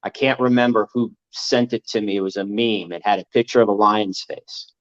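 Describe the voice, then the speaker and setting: A man's voice: fairly low pitch, fairly even intonation, brisk. A man in casual podcast chat, talking earnestly and motivationally, repeating his points. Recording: dull lo-fi audio.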